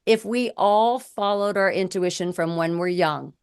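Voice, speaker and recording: A middle-aged woman co-hosting a candid conversation, blunt and animated as she tells stories. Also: lowish voice, unhurried, clean tone, no echo, clean studio sound. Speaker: co-host.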